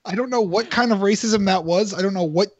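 A man co-hosting a casual podcast, dropping sarcastic deadpan one-liners. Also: high voice, brisk, highs cut off, heavy background noise. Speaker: podcast co-host.

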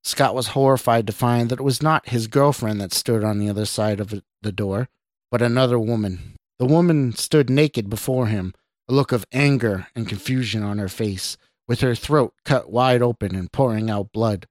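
Male host-narrator for a horror podcast, steady mid-range read, dry sound. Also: medium pitch, normal speed, dry recording.

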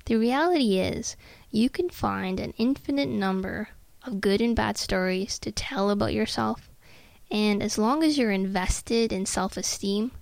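A woman hosting a self-help podcast, speaking in a slow, measured and soothing way that sometimes sinks to a near-whisper. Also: mid-range voice, vocal fry, a little mellow, no room sound. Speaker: podcast host.

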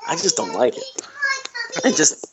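A man co-hosting a casual movie chat, animated and complaining, repeating himself for emphasis. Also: a little high, moderate pace, slight background noise. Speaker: podcast co-host. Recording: dull lo-fi recording.

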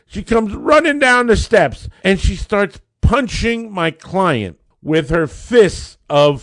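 A man hosting a podcast, a lawyer telling a story in a casual, animated way. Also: sits high, no room sound, studio quality. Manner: animated, builds up excitement in anecdotes.

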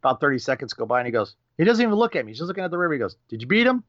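A middle-aged man telling a racing story with lively energy, acting out quoted voices and swearing casually as a podcast guest. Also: mid-range voice, very fast, no echo, highs cut off. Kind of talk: animated storytelling.

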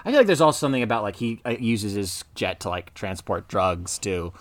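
Man, podcast co-host, lively pitch, dry close mic, rambling casual chat. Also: a little fast, no room sound. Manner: rambling, animated, full of filler words.

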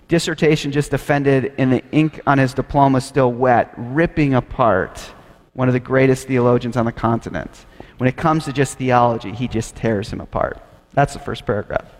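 A man giving an earnest storytelling lecture on theology, dropping from emphatic to hushed. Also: mid-range voice, long reverb tail. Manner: earnest, dramatic shifts from loud to hushed.

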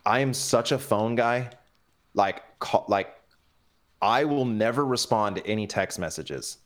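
A man's voice: fairly low pitch, unhurried. A man talking as a podcast guest in casual chat, with lots of inflection and plenty of fillers. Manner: animated, inflected delivery with many fillers.

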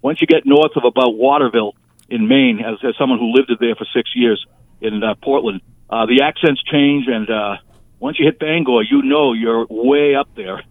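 A man's voice: medium pitch, moderate pace, dry recording. A man giving the weather on a radio show, chatting and reminiscing with lots of fillers. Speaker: weather forecaster. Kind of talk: casual on-air chat by phone. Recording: tinny phone line.

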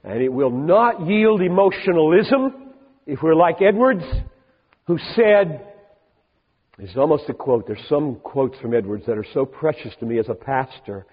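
An older man preaches with a husky, breathy voice that swings widely from low murmurs up to ringing emphasis. The sound is thin and narrow, like a phone line, and a long hall reverb trails behind him. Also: lively intonation, unhurried. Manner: emphatic, shifting from soft asides to rising, preaching peaks. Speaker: pastor. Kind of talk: sermon.

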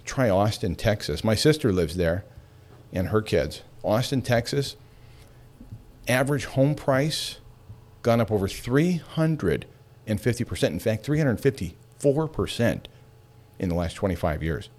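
A man hosting a radio talk show, chatty and animated, laughing between points. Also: on the low side, measured pace.

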